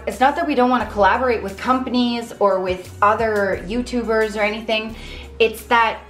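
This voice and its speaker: A young woman speaks straight to camera in a candid, earnest vlog, thinking aloud as she goes. Her voice sits a little high and bounces around an echoey room. Soft music plays faintly underneath. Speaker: vlogger. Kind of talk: casual talk to camera.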